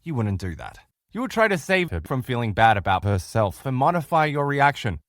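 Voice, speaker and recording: A man's voice: mid-range voice, sing-song, a little fast, a bit bright, no room sound, clean studio sound. A man teaching a recorded relationship lesson, talking straight to listeners and acting out the quoted voices of others. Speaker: relationship course instructor.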